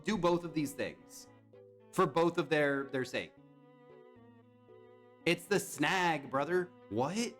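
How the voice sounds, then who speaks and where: A young man hosts a casual live stream, talking straight to his viewers and answering their comments. His voice sits a little high and swings a lot. Quiet music runs in the background. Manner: animated, chatty, reads and answers chat.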